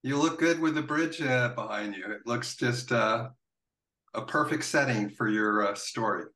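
A male podcast host speaks in a casual, halting way and fills his pauses with ums and uhs. His voice carries a roomy echo, as if he is recording in a bare room. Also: medium pitch, bright, forceful tone. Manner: halting, many fillers. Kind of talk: casual interview.

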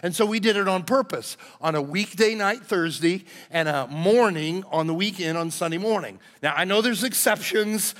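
A man with a notably high voice preaches a sermon in a folksy way, teasing his congregation as he goes. His voice rings with the long reverb of a large church hall. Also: a bit bright. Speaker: pastor. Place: church sanctuary.

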